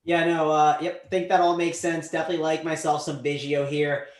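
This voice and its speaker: A man hosting a casual sports betting show, animated, his voice swinging up and down and trailing off quietly. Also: a little high, brisk, echoey room. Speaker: show host.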